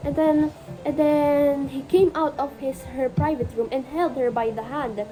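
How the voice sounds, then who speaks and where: A woman student retelling a story in an oral exam, halting and often repeating herself. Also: high voice, steady tone, dark tone, rough recording.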